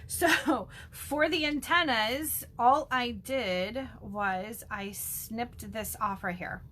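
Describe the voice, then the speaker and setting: A woman's voice: a little high, extremely slow, sharp tone. Bubbly woman gushing over crafts. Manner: bubbly, gushing, chatty with frequent ums. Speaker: stamping demonstrator. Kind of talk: casual crafting demo.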